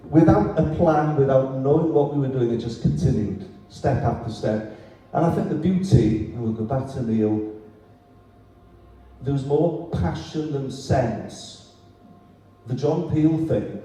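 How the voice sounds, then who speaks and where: Welsh guy spinning stories on stage, real dark mellow voice, big echoey room. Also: medium pitch, distant mic, a little hiss or hum. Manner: lively anecdotal storyteller. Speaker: festival speaker. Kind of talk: storytelling at a literary event.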